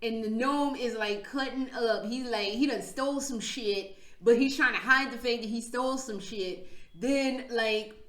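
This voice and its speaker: Recorded in an echoey room, this vlogger has a fairly high, somewhat bright voice and an unhurried delivery. Her storytelling is casual and full of swearing, slang, and frequent laughter.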